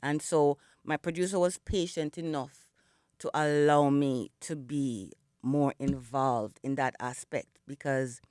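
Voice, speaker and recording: A deep, darkish, clear and resonant voice marks this middle-aged Jamaican singer, reflecting as a guest in a radio studio. Her morning voice hasn't warmed up, and her storytelling is dotted with "you know." It's a dry, studio-quality recording.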